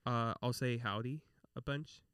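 Young man, Texan southern accent, rambling casual chat, smooth crisp tone. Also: mid-range voice, unhurried, a bit bright, dry recording, studio quality. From Texas. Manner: rambling, heavy use of filler words.

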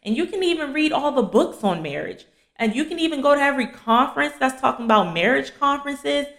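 A woman's voice: sits high, animated, a little fast, gravelly, fairly bright tone. A young woman, hosting a faith podcast for women and teaching casually, blunt and chatty, calling her listeners "y'all.". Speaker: podcast host and fiancée coach. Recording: echoey room.

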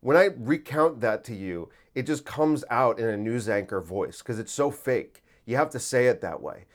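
A man hosts his podcast alone, rambling casually with many fillers and the odd curse. His voice sits at an ordinary, mid pitch. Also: animated, normal speed. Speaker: podcast host. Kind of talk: casual solo monologue.

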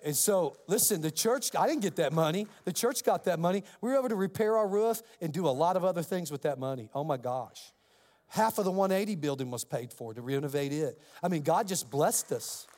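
A male pastor with a high voice delivers an animated sermon story, switching into the voices of the people in it. His words ring with the long reverb of a large hall. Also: brisk.

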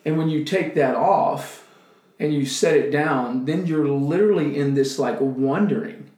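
A man tells his missionary story with deep sincerity, slipping into the prayers he once prayed. His voice sits a little high. The room around him rings noticeably. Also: a little slow, darkish tone, reverberant. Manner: earnest, emotional storytelling, acts out his own prayers. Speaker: missionary guest. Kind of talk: testimony in casual conversation.

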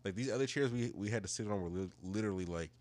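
A man co-hosting a podcast, telling a profane story in casual chat and acting out the people he quotes in higher voices. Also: very fast, a little mellow. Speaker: podcast co-host.

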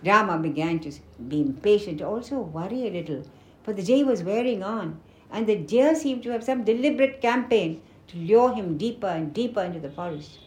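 A woman narrating a storybook with expressive, dramatic delivery. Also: mid-range voice, moderate pace. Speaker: book reader. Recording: roomy echoing room.

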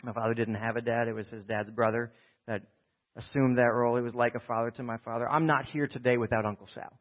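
A man's voice: mid-range voice, steady tone, fast talker. A male pastor preaching a sermon in a church, exhorting and emphatic. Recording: dull lo-fi recording.

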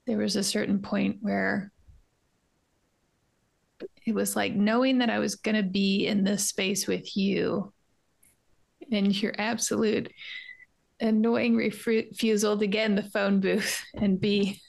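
A woman's voice with a gravelly, fry-laden texture, sitting at a middle pitch. She speaks candidly and tenderly as a podcast co-host, searching through her feelings out loud with soft, trailing asides. It sounds like an intimate, reflective conversation. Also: flat delivery, takes it slowly, pauses often. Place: home art studio.

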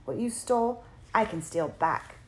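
A woman voicing a frightened but brave young boy who answers back loudly and defiantly in an audiobook. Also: deep voice, sing-song, fairly quick, rough recording. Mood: determined. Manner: loud, defiant retorts. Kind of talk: audiobook character voice.

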